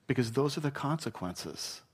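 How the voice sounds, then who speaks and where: A man's voice: medium pitch, normal speed, husky. Middle-aged man, pastor, sermon, acts out quoted lines, mid-range voice. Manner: acts out quoted apologies and excuses with lively shifts of voice.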